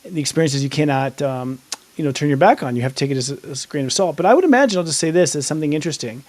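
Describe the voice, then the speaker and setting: Middle aged guy hosting a podcast, talks really fast, eager, kinda high voice. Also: expressive, a little mellow. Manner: eager, quick, laughs easily. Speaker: astrologer, podcast host. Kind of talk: conversational interview.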